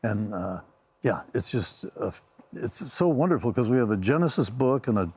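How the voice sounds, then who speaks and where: An older man, a musician guest on a TV interview, speaking in slow, halting phrases. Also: medium pitch, lively intonation, a little mellow, husky, no echo.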